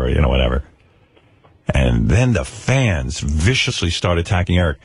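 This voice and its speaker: Brief: male radio host, animated swooping delivery, teasing banter, dry studio sound, slightly husky. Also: low-pitched, dry recording. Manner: teasing, animated and quick to laugh.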